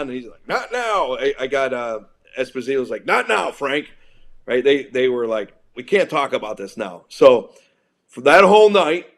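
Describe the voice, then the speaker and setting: A middle-aged man, a wrestling event organizer, telling a story in an interview, excitable and acting out quotes with many restarts. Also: medium pitch. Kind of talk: animated storytelling in a podcast interview.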